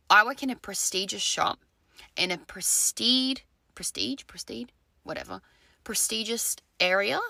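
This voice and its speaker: A woman's voice: mid-range voice, bright, forceful tone, no room sound. A woman, a retail worker, retelling a run-in with a customer in an indignant, emotional storytime clip.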